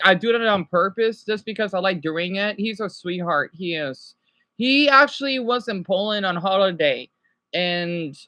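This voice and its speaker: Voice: medium pitch, bright, forceful tone, no room sound. A streamer chatting casually while reacting to a video and talking to viewers by name.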